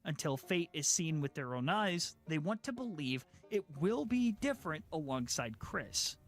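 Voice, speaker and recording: A man narrating a video essay from a script, in an earnest, measured storytelling manner. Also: fairly high pitch, sing-song, faint music behind.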